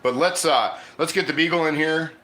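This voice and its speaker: A man's voice: a little high, normal speed, sharp tone, roomy sound. A man hosting a casual cooking livestream, chatting loosely and eating as he talks. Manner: chatty, rambling, eats while talking.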